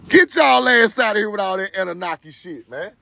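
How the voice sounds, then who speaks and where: A man hosting a livestream, talking straight to his viewers in an animated, preachy, joking way with loud bursts of laughter. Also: high-pitched, moderate pace, gravelly, dry recording. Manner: talks to viewers directly. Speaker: livestream host. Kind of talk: excited livestream commentary.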